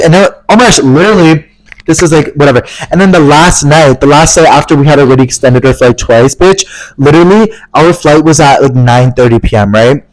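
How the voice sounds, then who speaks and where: A young man in his twenties, co-hosting a casual podcast and telling an animated story full of "like" and "literally". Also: fairly high pitch, no room sound, rough recording. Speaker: podcast co-host. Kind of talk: casual chat.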